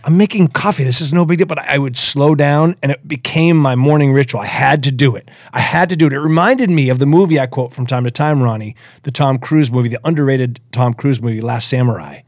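A man in his forties hosting a podcast, telling a personal story in a lively, casual way, acting out quotes and repeating himself. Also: mid-range voice, fairly quick, hardly any pauses, dry recording, clean studio sound. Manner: animated, acts out quotes, repeats words. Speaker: podcast host.

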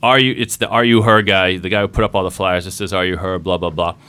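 A man hosting a podcast, telling a story in a casual, animated way and acting out the scenes. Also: deep voice, fast talker. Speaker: podcast host.

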